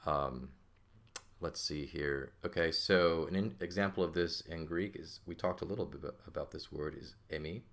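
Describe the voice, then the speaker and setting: Man as a teacher, voice sits very low, explains patiently and checks understanding as he goes. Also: normal speed. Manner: explanatory, checks in with "okay?" and "right?". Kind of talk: recorded language lesson.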